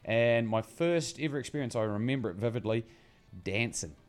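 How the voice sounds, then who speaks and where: A young man with a New Zealand accent, telling stories about his life in a relaxed, self-mocking chat. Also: medium pitch, a little fast, clean tone, faint music behind. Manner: laid-back, self-mocking, dry humour. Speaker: guest. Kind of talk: casual storytelling chat.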